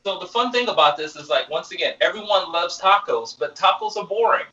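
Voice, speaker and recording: A male executive chef walks viewers through a live cooking demo, relaxed and easy as he works. His voice is bright and forward. He sits a little back from the mic, so the sound is dull. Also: high voice, fairly quick, reverberant, recorded from a distance. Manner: relaxed, explains while cooking.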